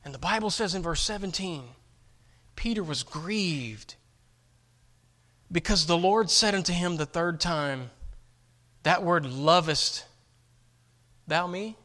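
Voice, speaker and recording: A man's voice: high voice, measured pace, long pauses, bright, forceful tone. A man preaching a sermon, emphatic and often repeating his words as he presses each point. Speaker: pastor.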